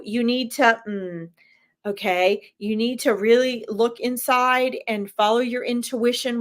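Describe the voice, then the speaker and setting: A woman's voice: on the high side, a bit bright. A woman giving live psychic medium readings, talking directly and emphatically, with frequent fillers and "okay?" check-ins.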